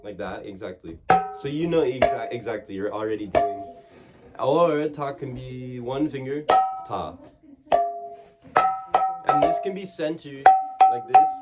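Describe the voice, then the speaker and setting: A man giving a relaxed one-on-one drum lesson, explaining strokes in halting phrases and singing out the drum syllables. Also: mid-range voice, over loud music. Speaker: drum teacher. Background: drumming.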